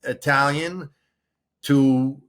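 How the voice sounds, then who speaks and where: A man co-hosting a podcast, talking in a loose, animated way and explaining at length with many restarts. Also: medium pitch, extremely slow. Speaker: podcast co-host. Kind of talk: casual chat.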